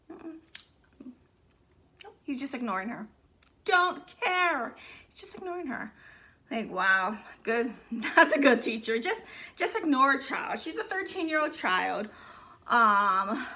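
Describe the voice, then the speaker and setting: Chatty mom vlogger, kinda high voice, very bright, tells stories animated. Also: female voice. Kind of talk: casual chat.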